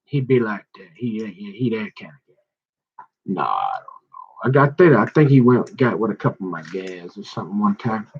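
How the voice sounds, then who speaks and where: A man's voice: lowish voice, big pitch swings, normal speed, gravelly, slightly rough, highs cut off. A man talking in a loose, slangy, rambling monologue that jumps from one story to the next and keeps restarting his sentences.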